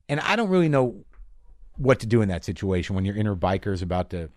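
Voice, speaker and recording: Profane, animated male stand-up comic. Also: low voice, fast talker, dry recording, studio quality. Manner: animated, swearing, acts out voices in bits. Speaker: stand-up comedian. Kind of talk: stand-up comedy routine.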